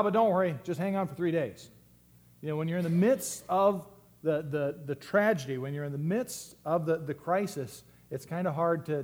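A man's voice: on the high side, darkish tone. A man preaching a sermon as pastor, earnest and reflective, often restarting his phrases.

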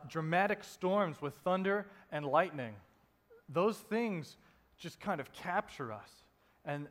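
Man preaching in a reverberant hall. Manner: conversational preaching, drops soft and low for emphasis. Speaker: pastor. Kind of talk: sermon.

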